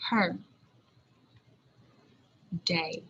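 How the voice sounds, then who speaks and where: A woman teaching a recorded early-grade lesson, speaking deliberately and spelling words out letter by letter, on a dull lo-fi recording. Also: fairly bright tone.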